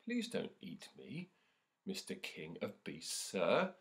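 A man voicing a small, timid but brave male mouse in a children's story, squeaking politely. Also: wildly swooping pitch, takes it slowly, vocal fry, fairly bright tone, heavily acted. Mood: pleading. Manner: squeaky, pleading.

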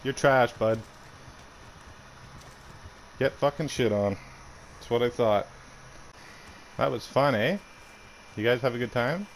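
A man's voice: medium pitch, slow, pauses often, a little hiss or hum. A young Canadian man trash-talking another player during an online game, mocking and swearing. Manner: taunting, profane, mocking. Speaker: gamer streamer.

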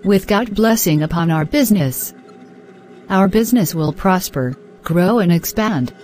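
A woman's voice: on the low side, expressive, a little slow, darkish tone, soft background music. A woman voicing an earnest, hopeful wife. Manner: reassuring, earnest.

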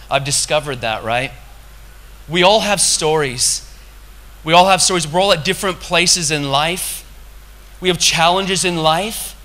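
A man preaching a sermon in a conversational style, with sudden loud, impassioned bursts. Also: a little high.

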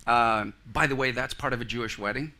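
A man's voice: medium pitch, brisk, sharp tone. A male pastor preaching a sermon in a church, earnest, with asides to the congregation. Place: church sanctuary.

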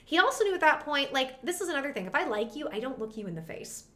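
A woman's voice: high voice, sing-song, fast, bright, forceful tone. A woman vlogger at her home setup, telling a personal story to the camera in a chatty, rambling, self-deprecating way.

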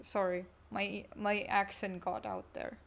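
Soft-spoken woman streamer, unhurried. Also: little pitch movement, creaky. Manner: talks low and weak to save energy. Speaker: game streamer. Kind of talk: casual live-stream chat while gaming.

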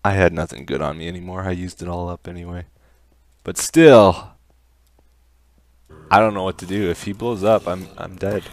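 A young man giving let's play commentary on a video game, easily startled into yelps and laughs between calm, musing remarks. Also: sits low, fast, few pauses, no room sound. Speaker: gaming commentator.

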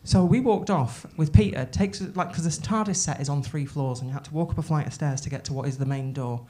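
A woman with a low voice performs stand-up at a comedy club, talking a little fast into a handheld mic. Her story comes out excited and sweary, rambling and constantly restarting.

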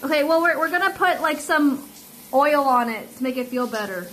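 A woman's voice: high-pitched, animated, moderate pace, a bit bright, slight background noise, poor audio. A woman streaming live, chatting and giggling while giving step-by-step directions. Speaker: streamer host. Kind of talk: casual live-stream chat.

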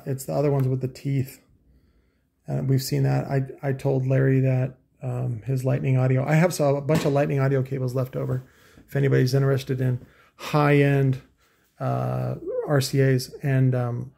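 A man's voice: mid-range voice, vocal fry, dark tone. A middle-aged man rambling crudely and sarcastically as he pages through an audio magazine, mocking what he reads. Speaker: vlogger reviewing audio magazine. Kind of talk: casual profane rambling commentary.

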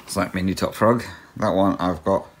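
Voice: low voice, steady tone, moderate pace, a little hiss or hum. A cross-stitch vlogger in a casual chat, answering viewer questions in a rambling way with many ums and little laughs. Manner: talks to a pet between answers.

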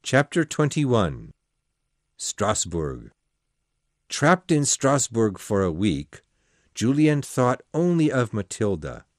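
A man's voice: medium pitch, wildly swooping pitch, slow pace, no echo, clean studio sound. A man reading a classic novel aloud as an audiobook narrator, telling the story expressively.

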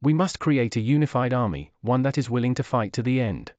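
A man voicing a calm, seasoned orc warrior who speaks sagely. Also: medium pitch, a little fast, no room sound, close to an everyday voice. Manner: calm, sage.

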